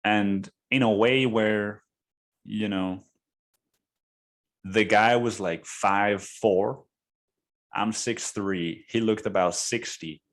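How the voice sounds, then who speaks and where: A young man with a deep voice hosts his podcast and tells a story. He talks casually, swears freely and tosses in "dude" every few lines. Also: steady tone, slow pace, pauses often. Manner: casual, profane, says "dude" a lot. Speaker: podcast host.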